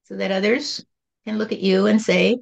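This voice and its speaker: Woman channeling God, patient divine spirit, gentle repetitive teaching, dull lo-fi sound. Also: mid-range voice, fairly even intonation, normal speed, creaky. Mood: calm teaching.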